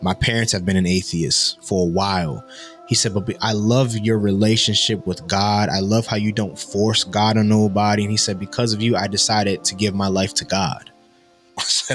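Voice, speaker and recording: A young man in his twenties with a fairly low voice tells a personal testimony. He is animated, acting out every line of dialogue. Soft music plays faintly underneath. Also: normal speed. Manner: animated storytelling, acting out dialogue with big pitch jumps. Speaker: guest storyteller. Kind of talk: testimony story.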